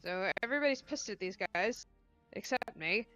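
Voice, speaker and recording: Woman player, bright voice, wry, thinks out loud, casual table chat. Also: medium pitch, lively intonation, normal speed, faint music behind.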